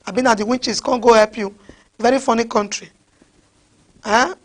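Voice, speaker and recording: Woman preacher, high voice, animated sermon, asks the crowd "huh?", slips into pidgin. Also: normal speed. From West Africa.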